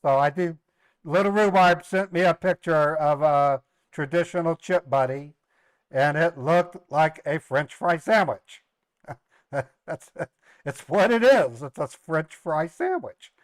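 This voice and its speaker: A middle-aged man with a fairly high voice speaks slowly, casually sharing family stories on a livestream in a dry recording. He's a live streamer and scambaiter who rambles, repeats words, and laughs at his own jokes.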